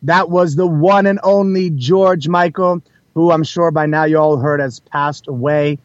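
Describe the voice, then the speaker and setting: A man hosting a talk radio show, chatting warmly and effusively to his listeners. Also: a little high, fairly even intonation, measured pace, no echo. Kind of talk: casual talk radio monologue. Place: indoors, calling in live from a holiday trip. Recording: dull lo-fi broadcast audio.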